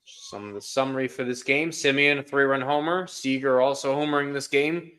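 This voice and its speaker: Bright-voiced man chatting about sports. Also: mid-range voice, steady tone, brisk, clean tone. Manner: chatty, laughs often, opinionated. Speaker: co-host of a live baseball watch-along stream. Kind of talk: casual live sports chat.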